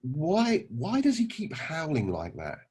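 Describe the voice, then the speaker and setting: A man's voice: fairly high pitch, huge pitch swings, unhurried, a little mellow, slightly rough, voice pushed up, heavily acted. A man voicing a lost young insurance salesman who asks questions politely. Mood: puzzled. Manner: polite, increasingly puzzled.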